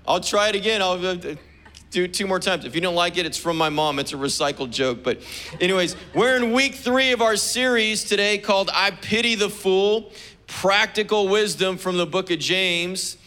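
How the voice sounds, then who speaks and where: Bright-voiced joking pastor. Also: male voice, a little high. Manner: relaxed, joking preacher. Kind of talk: sermon. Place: church service.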